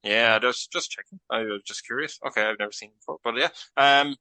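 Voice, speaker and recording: Bright, playful male podcast host. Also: mid-range voice, brisk, dry recording, low-quality recording. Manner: rambling, playful, puts on characters. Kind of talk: improvised comedy chat.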